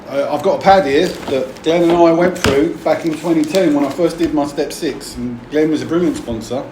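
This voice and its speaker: A man's voice: on the high side, normal speed. A middle-aged man sharing candidly and a bit emotionally at a recovery meeting, rambling and swearing freely. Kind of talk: personal share at a recovery meeting. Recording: echoey room with background noise.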